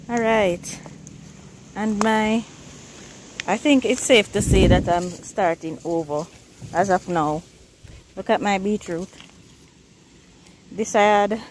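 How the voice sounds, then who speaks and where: Slow-talking Jamaican woman vlogging her garden. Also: lowish voice, a little hiss or hum. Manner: chatty, laughs often while showing plants. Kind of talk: casual garden walkthrough vlog. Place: outdoor container garden.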